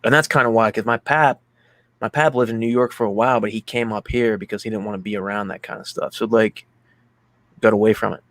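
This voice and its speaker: A man's voice: fairly low pitch, steady tone, quick pace, a bit bright, dry recording. A man from Pennsylvania co-hosting a casual movie chat, rambling through a heartfelt story with many fillers. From Pennsylvania, USA. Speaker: podcast co-host.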